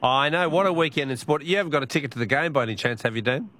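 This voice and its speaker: A man's voice: on the high side, rapid-fire, a bit bright, a little hiss or hum. A man hosting a talkback radio quiz, chatty and laughing often.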